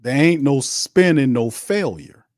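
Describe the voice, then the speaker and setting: A man's voice: medium pitch, expressive, unhurried, no echo, studio quality. A man hosting a sports show, delivering a heated, blunt rant on a live watch stream, repeating his points and mocking the other side. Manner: fiery, blunt and repetitive, with mocking asides.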